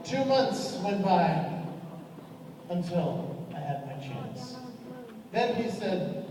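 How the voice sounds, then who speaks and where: A man's voice: high-pitched, unhurried, noisy background. A man telling comic stories on stage and drawing the audience into participation in a large auditorium. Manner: animated, drives audience participation. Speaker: comedian and entertainer. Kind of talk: live stand-up storytelling. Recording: echoey hall from far off, loud crowd.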